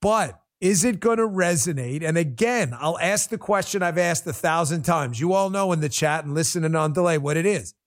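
A man with a New York accent hosts a political talk show and reacts to his live chat. His voice is high for a man, and he talks in an animated, chatty way, repeating himself and laughing easily. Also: normal speed, few pauses. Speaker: show host.

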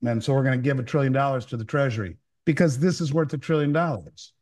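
A precious metals dealer joins a casual chat as a guest over a remote call. Blunt and opinionated, he rambles and stumbles through restarts before landing his point, speaking fast in a medium-pitched, darkish voice.

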